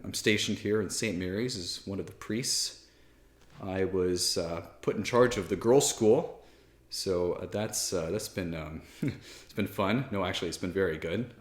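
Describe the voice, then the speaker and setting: A priest in his thirties talks candidly to the camera, self-deprecating and full of small restarts. His voice sits fairly low. He speaks from a library armchair, and the room gives back a clear echo. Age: 30s. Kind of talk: casual spoken talk to camera.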